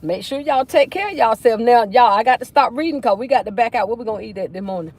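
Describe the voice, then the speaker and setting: A woman's voice: on the high side, lively intonation, fast, a little mellow. A woman hosting a casual livestream from inside a car, chattily reading out viewer comments. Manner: chatty, reads viewer comments aloud, folksy. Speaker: livestream host.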